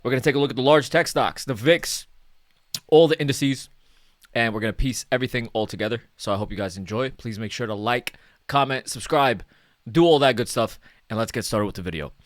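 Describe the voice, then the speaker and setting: A man's voice: medium pitch, a little fast, dry recording, studio quality. A man talking casually through market charts as a stock analyst, chatty and self-mocking, often tagging "okay?" and "right?".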